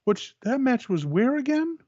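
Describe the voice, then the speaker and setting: A man's voice: extremely high pitch, big pitch swings, measured pace, mellow, highs cut off. A man co-hosting a wrestling review show in casual chat, mostly giving short agreeing replies.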